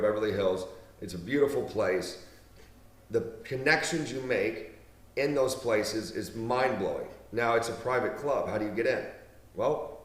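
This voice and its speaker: A man in his thirties telling stories in a casual monologue, blunt and profane, leaning on emphatic repetition. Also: on the low side. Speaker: business speaker. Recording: roomy, mic at a distance.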